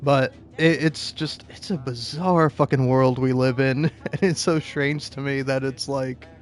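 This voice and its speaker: A man's voice: medium pitch, fairly even intonation, measured pace, faint music behind. A young man giving casual gameplay commentary, rambling and swearing, often laughing as he rants. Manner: rambling, profane ranting with frequent laughter. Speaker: video game streamer.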